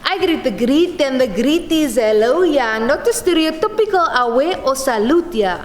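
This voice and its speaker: A woman's voice: high voice, expressive, moderate pace, soft background music. A woman from Cape Town with a Cape Town accent, giving a rhythmic, chanting spoken-word poetry performance that mixes English and Afrikaans. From Cape Town, South Africa. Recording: echoey hall with long reverb.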